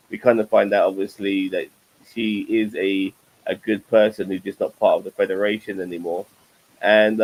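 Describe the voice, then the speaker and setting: Rambling, profane man with a lowish voice. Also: darkish tone, poor audio. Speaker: host of a TV review show. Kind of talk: casual chat.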